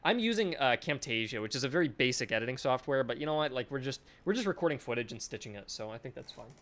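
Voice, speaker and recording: A man of middle pitch talking his way through editing work on a live stream. He is chatty and loose, pokes fun at himself and swears in passing, close to his desk microphone. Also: expressive, fast talker, fairly bright tone. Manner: chatty, self-mocking, swears offhandedly. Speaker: game developer. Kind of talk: casual live-stream commentary.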